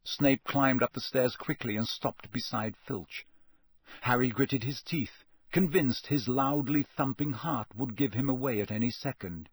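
A man reading a story aloud as an audiobook narrator, in a measured, expressive way. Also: mid-range voice, slightly rough, dry recording, studio quality.

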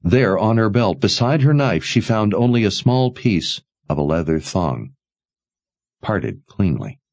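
A man narrating a story in a dramatic, expressive way. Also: lowish voice, normal speed, no echo. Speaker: audiobook narrator. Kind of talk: scripted narration.

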